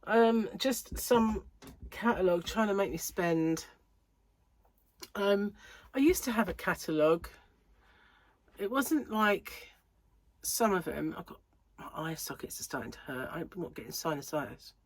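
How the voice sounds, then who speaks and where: A woman's voice: fairly low pitch, lively intonation, unhurried, long pauses, dry recording. A woman hosting a crochet channel, chatting casually to camera at home with rambling, giggly anecdotes, sounding a little congested and out of breath. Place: home room under lights.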